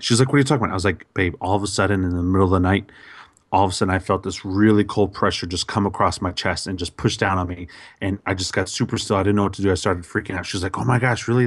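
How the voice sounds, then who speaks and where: A man on a podcast telling a story in a casual, animated way, with many fillers and restarts. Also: sits low, dry recording. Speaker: podcast host.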